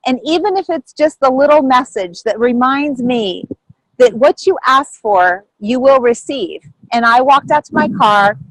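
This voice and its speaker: A woman telling a personal story on a video call, lively and animated, acting out what others said with big jumps in pitch. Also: a little slow, no room sound, low-quality recording. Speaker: group member sharing a story.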